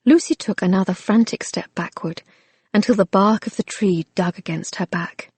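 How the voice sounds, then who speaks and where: A woman reading a romance novel aloud as an audiobook narrator, in a measured, soft-spoken way. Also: mid-range voice, breathy edge, no echo.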